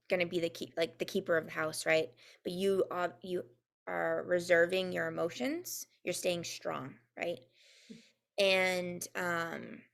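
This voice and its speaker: A young woman giving a casual spoken intuitive reading, halting and full of ums, sometimes spelling words out. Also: fairly low pitch, gravelly, a bit bright. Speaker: intuitive reader and co-host.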